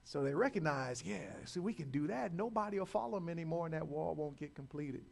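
A man preaching a sermon, repeating words and building to loud calls to his listeners. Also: on the high side, animated, fairly quick, gravelly. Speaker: pastor.

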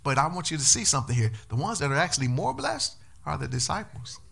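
Bright, forceful preaching man. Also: a little high, fast, gravelly, breathy edge. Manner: animated preaching, calls for audience response. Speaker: pastor. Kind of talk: sermon.

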